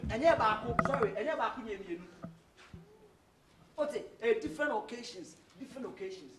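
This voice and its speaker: An actor with a Ghanaian accent playing a man who chases girls, talking loud, pleading pidgin in a comedy skit. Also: very high voice, animated, normal speed, a little hiss or hum. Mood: boastful. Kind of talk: low-budget comedy skit, mixing pidgin and Twi. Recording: echoey room from far, crowd behind.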